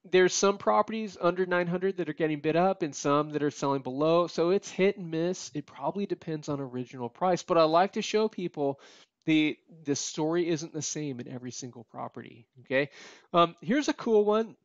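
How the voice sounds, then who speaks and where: A man's voice: on the high side, moderate pace, dry recording, dull audio. Tired man walking through a spreadsheet. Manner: conversational, frequent "okay?" and "you know" asides. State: tired, yawning. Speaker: real estate appraiser teaching a data tutorial. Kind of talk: casual screen-share walkthrough.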